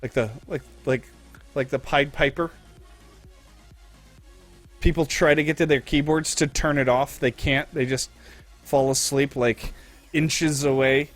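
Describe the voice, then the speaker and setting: A man's voice: medium pitch, a little slow, long pauses. Young man, profane rant, live stream talk, faint music behind. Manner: profane, animated storytelling.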